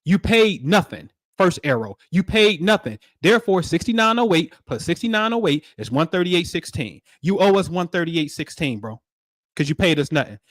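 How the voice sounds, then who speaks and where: A man hosting a spiritual livestream, talking in animated, preachy street slang. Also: a little high, a little fast, dry recording, studio quality. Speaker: livestream host.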